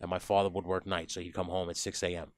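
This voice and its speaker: A man's voice: low voice, level tone, quick pace, no echo. A man hosting a podcast, retelling stories in a rambling, profane, casual chat.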